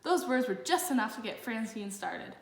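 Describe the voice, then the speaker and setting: Woman narrator, fairly high voice, lively read-aloud, roomy echo. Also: normal speed, creaky. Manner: lively, expressive storytelling. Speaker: storybook narrator. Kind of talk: reading a children's picture book aloud.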